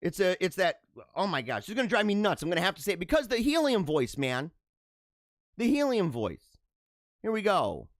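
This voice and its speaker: Hosting a casual show that riffs on the news, a man with a high, very lively voice reads headlines aloud at normal speed, then drifts into animated, playful asides full of laughter. The sound is close and dry, without room echo.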